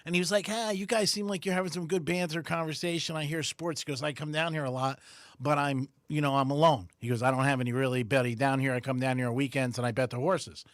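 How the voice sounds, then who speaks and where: A man's voice: on the high side, fast talker, no echo, studio quality. A man co-hosting a radio show, telling stories with lots of laughter and acting out the people he quotes. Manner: animated storyteller, laughs often, acts out quotes. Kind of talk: casual radio banter. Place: radio studio. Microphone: studio microphone.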